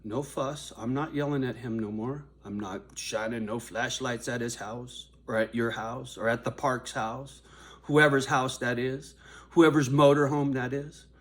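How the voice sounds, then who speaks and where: An older man vlogging to his viewers in a confrontational, profane rant, dropping to low mutters and then rising to raised shouting. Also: steady tone, measured pace. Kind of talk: angry direct-to-camera rant.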